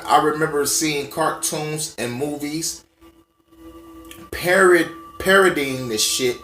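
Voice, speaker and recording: A man's voice: mid-range voice, lively intonation, takes it slowly, a bit bright, reverberant. A man ranting casually to the camera, profane and emphatic as he tells stories from memory. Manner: profane, emphatic, conversational storytelling. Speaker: vlogger.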